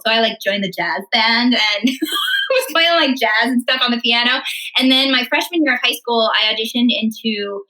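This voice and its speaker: A woman's voice: fairly high pitch, brisk, bright, forceful tone, rough recording. A young woman, an opera singer from Illinois, telling her life story casually in an interview, acting out her past thoughts and laughing often. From Illinois, United States.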